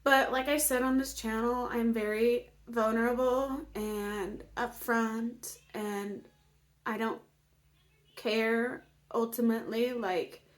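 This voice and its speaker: A woman's voice: on the high side, fairly even intonation, takes it slowly. A woman vlogging casually about her healing, emotional and open, with many fillers and moments where she drops to a whisper. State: emotional, near tears. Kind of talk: casual personal vlog.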